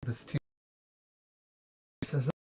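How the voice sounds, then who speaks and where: A man narrating as game master for a tabletop game, halting and full of fillers. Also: warm tone.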